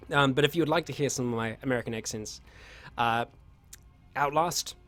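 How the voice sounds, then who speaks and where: A man's voice: mid-range voice, fairly bright tone. A young man hosting a casual Q&A, reading out viewer questions and answering in a chatty, rambling way with many fillers and restarts. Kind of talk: casual livestream Q&A.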